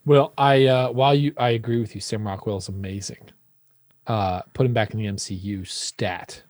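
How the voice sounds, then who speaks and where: A man's voice: fairly low pitch, steady tone, moderate pace, a little mellow, dry recording, clean studio sound. An American man co-hosting a podcast in a rambling, playful, teasing casual chat. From United States. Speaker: podcast co-host.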